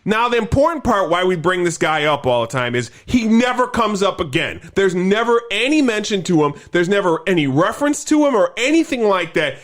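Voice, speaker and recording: A man co-hosting a podcast in casual chat, animated and swearing freely as he acts out quotes. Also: high-pitched, fairly quick, hardly any pauses. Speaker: podcast co-host.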